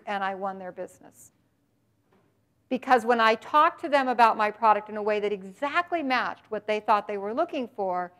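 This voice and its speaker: A woman giving a business presentation on marketing, speaking animatedly and emphatically and addressing her listeners directly. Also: a little high.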